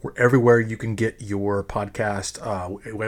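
A middle-aged man talks to his podcast listeners in a loose, rambling monologue, his voice sitting a little low. He swears casually and keeps restarting sentences as he goes. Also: fairly even intonation, normal speed. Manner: rambling, profane, frequent restarts. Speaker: podcast host.

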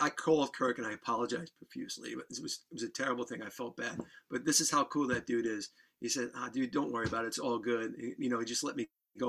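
A man guest on a podcast, telling a wild story in a casual, animated way, swearing and laughing as he goes. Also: mid-range voice.

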